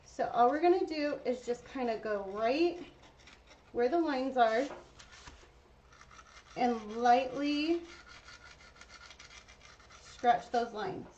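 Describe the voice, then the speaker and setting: High-pitched woman doing a chill craft tutorial, chatty, dull lo-fi sound with a little hiss. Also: slow, pauses often, a little mellow. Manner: chatty, talks to viewers while working. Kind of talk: casual painting tutorial. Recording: dull lo-fi sound with faint noise.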